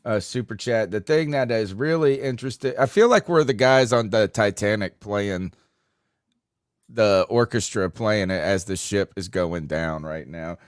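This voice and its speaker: A man's voice: fairly low pitch, a little slow, no echo, studio quality. Frustrated man hosting a call-in podcast. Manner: frustrated, rambling, trails off quietly. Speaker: podcast host taking calls. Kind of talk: casual postgame call-in talk.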